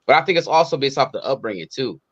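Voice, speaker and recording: A man's voice: mid-range voice, lively intonation, quick pace, fairly bright tone. A man co-hosting a podcast, speaking bluntly with profanity in casual chat. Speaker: podcast co-host. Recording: dull lo-fi sound.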